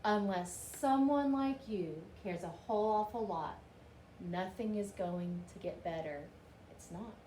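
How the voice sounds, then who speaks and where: A woman's voice: medium pitch, a little slow, dark tone, roomy sound, voice pushed down, close to an everyday voice. Lady doing a pushy greedy factory guy, insistent, storybook voice, faint hiss. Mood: earnest. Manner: defiant, insistent. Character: stubborn greedy male factory owner. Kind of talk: storybook reading.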